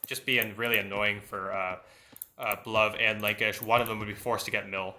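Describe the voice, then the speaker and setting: Bright-voiced man commentating a strategy game. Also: lowish voice, level tone, normal speed. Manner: thinking aloud with many fillers. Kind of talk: esports commentary.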